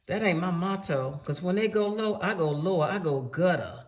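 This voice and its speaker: A woman's voice: fairly low pitch, expressive, moderate pace. A middle-aged woman telling a personal story in a casual storytime monologue, candid and emphatic with salty slang, talking straight to her listeners. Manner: addresses listeners directly.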